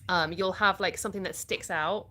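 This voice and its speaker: A woman's voice: lowish voice, fairly even intonation, normal speed, bright, forceful tone. A middle-aged British woman from the UK, chatting casually on a live stream, reading and answering viewers' comments and laughing often. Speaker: livestream host.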